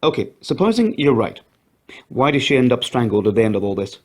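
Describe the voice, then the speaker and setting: A man's voice: mid-range voice, big pitch swings, a little fast. A man voicing a brusque, sarcastic grown brother in an audio story. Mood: irritated. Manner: sarcastic, blunt.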